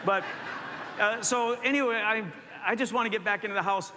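Bright high-voiced preacher in an echoey hall. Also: male voice, a little fast, noisy background. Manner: conversational, self-mocking, animated storytelling. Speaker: pastor. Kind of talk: storytelling sermon. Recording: echoey hall with faint ambience.

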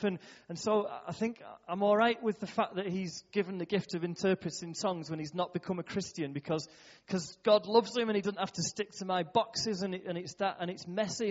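Man, church youth worker, loose storytelling talk, brightish pitch, dull boomy hall sound. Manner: chatty, laughing often, many fillers.

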